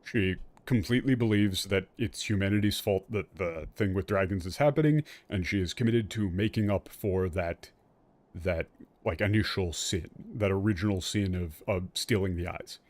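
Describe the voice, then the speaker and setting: With a deep voice at normal speed in a dry recording, this streamer plays and translates a game, narrating its story loosely with fillers, restarts, and now and then a swear word.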